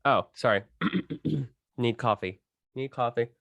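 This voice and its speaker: A man's voice: medium pitch, slow pace, gravelly, a little hiss or hum. A man co-hosting a podcast over a video call, joking and bantering. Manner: joking, animated. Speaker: podcast co-host. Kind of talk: casual podcast chat.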